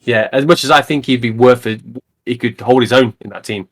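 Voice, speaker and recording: A man's voice: medium pitch, brisk. A man co-hosting a football podcast, thinking aloud in casual conversation. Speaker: podcast co-host.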